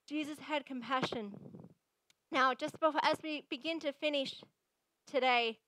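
A woman pastor giving a sermon in an energetic, emphatic, conversational way. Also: high voice, measured pace, slight background noise, rough recording.

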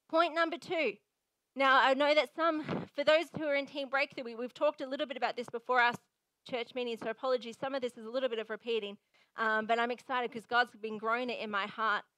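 High-voiced woman preaching earnestly. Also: fairly bright tone, dry recording, low-quality recording. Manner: earnest, conversational preaching with emphatic repeats. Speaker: pastor. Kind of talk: sermon.

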